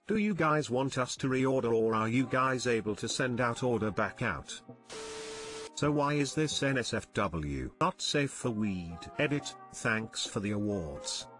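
A man reading online posts aloud as scripted narration at a steady, even pace. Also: medium pitch. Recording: faint background music.

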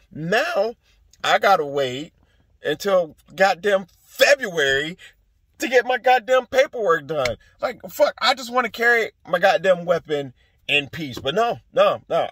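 A man's voice: high-pitched, big pitch swings, unhurried, a bit bright, husky, no echo. A young man ranting to camera in a profane, rambling, exasperated way. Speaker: soldier venting. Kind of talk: casual rant to camera.

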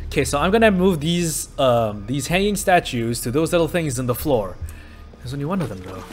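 A let's play commentator talks casually over his gameplay, thinking aloud, joking and swearing at the game. His voice is fairly high-pitched, very animated and a little fast, with game music playing beneath it.

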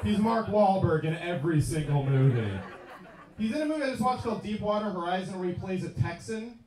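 A man's voice: high voice, animated, brisk. A man around thirty from New York doing a rowdy, swearing, self-mocking stand-up set in a comedy club. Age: 30s. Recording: echoey club, distant mic, crowd.

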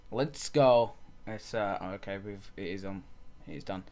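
A man's voice: on the low side, moderate pace, darkish tone, faint music behind. A man giving casual let's-play commentary on a football management game, calling the action play by play and muttering frustrated asides. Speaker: gaming channel host.

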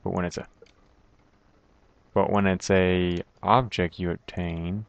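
Male let's-player, sarcastic and cursing; low voice, dull lo-fi recording. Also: little pitch movement, slow pace, creaky, clean tone, no room sound. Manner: sarcastic, frustrated, swearing at the game's maker. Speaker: let's play commentator. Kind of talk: gameplay commentary. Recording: dry, dull lo-fi mic.

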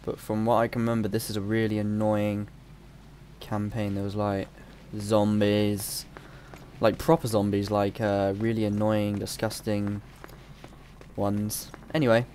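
A man's voice: fairly low pitch, monotone, measured pace, warm tone, a little hiss or hum. A young man, a bit ill, chatting and rambling distractedly as he comments on his gameplay. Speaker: gamer. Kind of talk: let's play commentary.

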